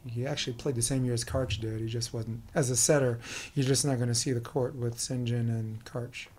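A middle-aged man with a New York accent, hosting a casual interview and talking fast and animatedly. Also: mid-range voice, fairly even intonation, a little mellow, husky. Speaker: podcast host.

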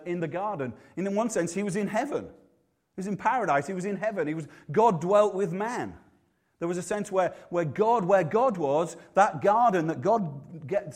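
Man, Yorkshire accent, sermon, high pitched voice, chatty and joking. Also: a little mellow. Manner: conversational and humorous, with frequent restarts. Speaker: preacher.

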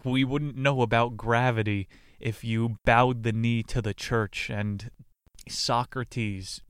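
A smug young man justifying his crime with defiant swagger, voiced by a man close to his own voice. He sounds cocky and dismissive. The tone is smooth and clear, recorded dry and close. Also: medium pitch, fairly even intonation, slow pace, no room sound, natural voice. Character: young male murderer, cocky and self-justifying.

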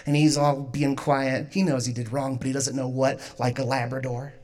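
A woman's voice: a bass voice, level tone, normal speed, a little mellow. A young woman doing a stand-up comedy set, self-mocking and often laughing through her lines. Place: comedy stage.

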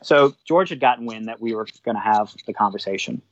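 A man's voice: lowish voice, brisk, dry recording. Man, fire captain, casual storyteller who acts out the quotes, on a dull, dry close mic. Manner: animated, acts out quotes of others, swears.

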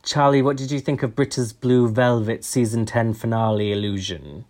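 A man's voice: mid-range voice, normal speed, darkish tone. A man co-hosting a podcast, chatting casually and opinionated, with frequent ums. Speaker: podcast co-host. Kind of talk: casual chat.

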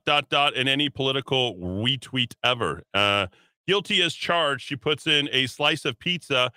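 A man's voice: on the high side, pushed and bright, no echo, studio quality. A man hosting political talk radio, speaking in a sarcastic, mocking way. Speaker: radio talk show host.

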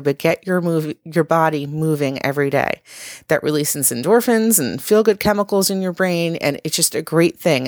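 A woman's voice: deep voice, dry recording, clean studio sound. A woman giving casual motivational advice in an earnest, encouraging, conversational way. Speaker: wellness speaker.

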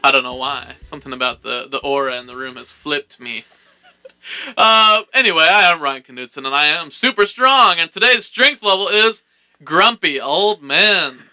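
A man's voice: fairly high pitch, big pitch swings, moderate pace, pushed and bright, smooth. A man hosting a podcast, chatting casually with a goofy, jokey, playful mock-motivational delivery. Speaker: podcast host. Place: podcast studio room.

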